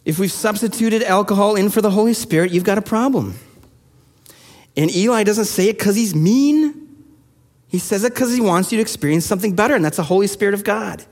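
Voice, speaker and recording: A man preaching a sermon as a pastor, telling stories in a conversational, animated way. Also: high-pitched, brisk, in a large hall. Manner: conversational, animated storytelling with rising intensity.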